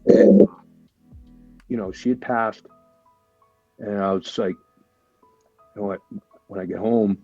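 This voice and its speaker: A man with a low, husky voice recounts his past in a candid, profane way and peppers it with "right?" His tone is dark and mellow. The audio is dry and a bit dull, with faint music under it. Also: steady tone, unhurried, pauses often, no room sound. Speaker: podcast guest, military veteran. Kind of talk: casual storytelling.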